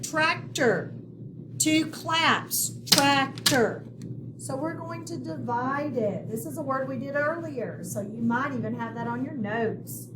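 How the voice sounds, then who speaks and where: A woman teacher giving a step-by-step phonics lesson to children, speaking slowly and clearly. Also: high voice. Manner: slow, clear, step-by-step instruction. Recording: echoey room, far from the mic, noisy.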